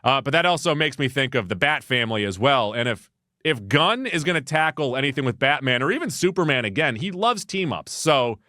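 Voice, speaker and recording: Lively, bright-voiced man co-hosting movie news. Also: medium pitch, fairly quick, no room sound, clean studio sound. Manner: wry, joking delivery. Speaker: podcast co-host reading the news. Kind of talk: casual movie news chat.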